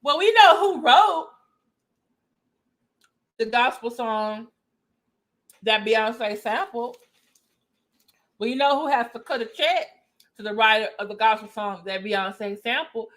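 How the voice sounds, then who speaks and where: Woman, chatty reaction commentary, somewhat high voice, reads definitions aloud. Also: slow pace, long pauses, fairly bright tone. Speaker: commentary vlogger.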